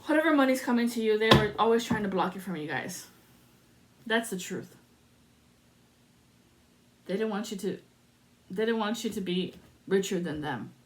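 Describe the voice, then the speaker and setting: A woman's voice: medium pitch, animated, moderate pace, pauses often, a little hiss or hum. A woman giving a solo spiritual card reading to camera, dramatic and sassy, with salty asides. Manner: dramatic and sassy, swearing and breaking into sung lines. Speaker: tarot reader.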